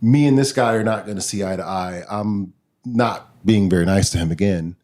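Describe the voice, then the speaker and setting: A man, a podcast guest, retelling a personal story in a lively, casual way. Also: on the low side, normal speed. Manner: animated, vivid retelling.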